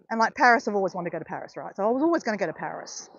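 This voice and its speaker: A woman's voice: mid-range voice, lively intonation, fairly quick, a bit bright, no echo, highs cut off. A middle-aged woman chatting casually on a walk, telling a story and often checking in with her viewers. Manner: chatty, keeps saying "guys" and "right". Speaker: vlogger.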